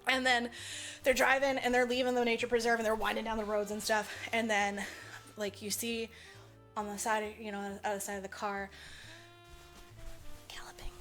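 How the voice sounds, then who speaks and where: Brief: a woman, fairly high voice, casual podcast co-host, loose and rambling, swears freely, faint music behind. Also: level tone, normal speed, long pauses, a bit bright. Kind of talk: casual movie recap.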